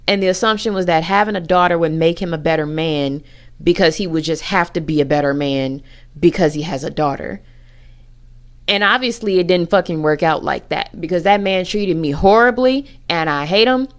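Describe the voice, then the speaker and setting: A woman's voice: fairly low pitch, moderate pace. A woman giving a candid personal rant to camera, blunt and profane as she talks frankly about her own family. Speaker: vlogger.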